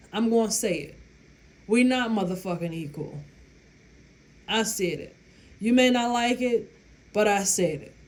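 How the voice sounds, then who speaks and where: A woman, talking casually and bluntly to her viewers with lots of profanity, giving relationship advice. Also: on the high side. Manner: blunt, profane, emphatic, laughs at her own story.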